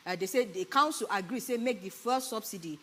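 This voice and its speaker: A woman's voice: mid-range voice, lively intonation, fairly quick, a bit bright. A woman with a Nigerian accent walks through the day's news as a talk-show co-host. Her voice sits in a middle range, and she keeps checking in with her partner. Faint background noise runs underneath her. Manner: explanatory, conversational, with tag questions. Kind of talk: casual Pidgin news discussion. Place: broadcast studio.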